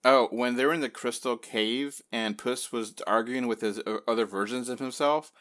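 A man hosting a casual spoiler chat about a film, rambling with lots of fillers and lively quoted reactions. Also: mid-range voice, normal speed. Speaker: podcast host.

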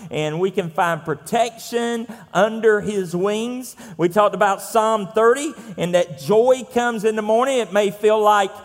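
A man's voice: sits high, a little slow, hardly any pauses, big-room sound. A man with a Southern US accent preaching a sermon as pastor, talking in a conversational, folksy way with frequent fillers.

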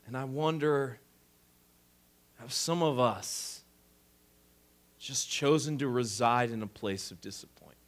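A man preaching a sermon, swinging between quiet, intimate lines and loud, emphatic ones. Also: mid-range voice, takes it slowly, pauses often. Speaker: pastor.

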